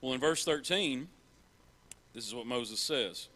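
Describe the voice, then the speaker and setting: Bright-voiced man preaching earnestly. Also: medium pitch, animated, unhurried. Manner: earnest, repeats key phrases for emphasis. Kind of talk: sermon. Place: church.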